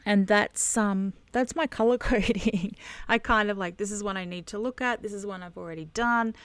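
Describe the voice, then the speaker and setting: A woman teaching a devotional Bible lesson on camera while she colors, earnest and halting, with many restarts. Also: mid-range voice, clear, resonant tone, no room sound. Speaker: conference speaker teaching Bible journaling.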